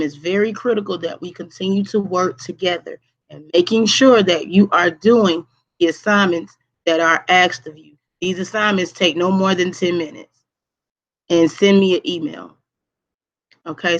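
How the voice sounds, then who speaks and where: A woman teacher talks to her students over a live online class, stressing points, repeating herself and checking in with "okay?". Her voice comes through a dull, lo-fi stream at a middle pitch. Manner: repetitive, emphatic, checks in with "okay?".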